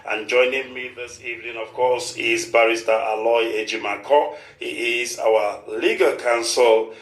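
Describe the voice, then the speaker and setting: A man's voice: mid-range voice, steady tone, unhurried, a bit bright, echoey room, rough recording. A man hosting a live radio show in a formal, repetitive manner, with a short prayer. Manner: formal, repeats "of course" often. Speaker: radio host.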